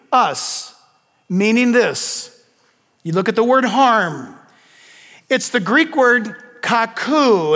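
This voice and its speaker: Fairly bright in tone and unusually high for a man, an older pastor delivers a sermon, posing questions to the congregation and slipping in homey asides. The large hall gives his voice a long, ringing reverb.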